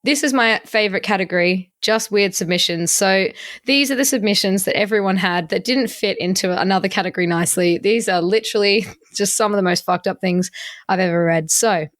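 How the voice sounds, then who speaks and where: A woman hosting a casual podcast chat, laughing often and telling stories with animated energy. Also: medium pitch, a little fast. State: sober. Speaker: podcast host.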